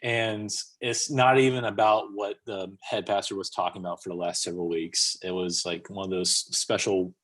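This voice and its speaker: A man speaking as a podcast guest, who tells his story casually and in an animated way, acting out what people said. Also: low-pitched, normal speed, hardly any pauses. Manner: animated, acts out quotes.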